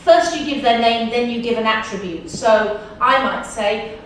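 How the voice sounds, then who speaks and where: An English woman in her forties, a guest speaker in a university lecture hall, gives a personal testimony and drives her points home with emphatic repetition. Her slightly high voice moves at a moderate pace with hardly any pauses, heard from far off through heavy echo and a faint ambient hum.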